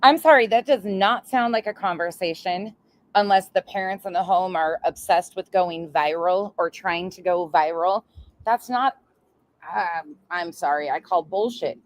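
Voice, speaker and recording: A woman's voice: on the low side, a little slow. A woman hosting a reaction commentary channel, blunt and sarcastic, swearing freely as she calls out the clip.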